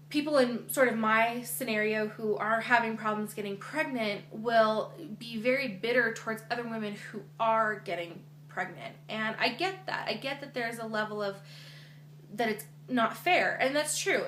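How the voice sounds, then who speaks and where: A woman's voice: fairly high pitch, sharp tone. A young woman vlogger chatting earnestly to her camera, with lots of fillers. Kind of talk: casual chat to camera. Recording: echoey room with faint hum.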